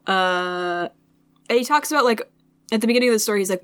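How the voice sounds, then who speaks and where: A woman co-hosting a laid-back book podcast, retelling scenes as quick back-and-forth dialogue. Her tone is wry and she laughs easily. The recording is dry and close, with a voice of middle pitch. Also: lively intonation, fairly bright tone, clear, resonant tone, no room sound. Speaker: podcast co-host. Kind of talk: casual book discussion.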